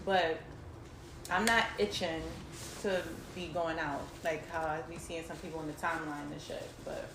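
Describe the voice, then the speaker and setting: A woman's voice: deep voice, steady tone, moderate pace. Chatty, candid young woman in an echoey room. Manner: laughs often, swears freely, candid and chatty. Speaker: podcast co-host. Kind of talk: casual chat. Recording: roomy echo with faint noise.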